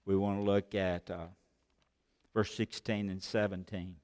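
A man preaching a sermon as pastor, swinging between loud exhortation and hushed asides with many rhetorical questions. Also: sits low, little pitch movement, measured pace. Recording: long hall reverb of a large sanctuary.

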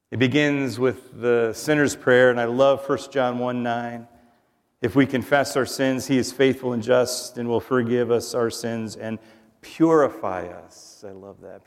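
Guy preaching a sermon in a church, earnest, gets real quiet sometimes, big echoey hall. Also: mid-range voice. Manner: earnest, drops to a soft hush on tender lines. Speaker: pastor.

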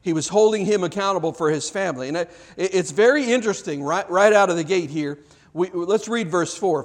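Preaching at a moderate pace, this high-voiced male pastor talks conversationally to his congregation in church. Throughout the sermon he asks them rhetorical questions.

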